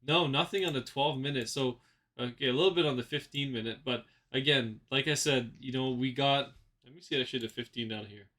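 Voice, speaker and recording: Speaking fairly quickly in a sharp, mid-range voice, this trading-channel host rambles through his chart analysis. He repeats himself often and stuffs his casual market talk with fillers.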